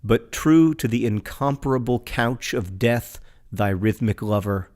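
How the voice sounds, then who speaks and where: A man co-hosting a podcast, reading poems in a slow, measured way and chatting in quick asides with plenty of fillers. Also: mid-range voice, animated, a little mellow. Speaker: podcast co-host. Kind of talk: reading poems aloud and casual chat.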